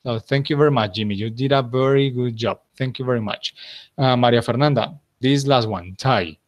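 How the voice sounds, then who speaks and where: Patient Colombian male English teacher. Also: medium pitch. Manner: patient, encouraging, corrects slowly. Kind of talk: online class teaching.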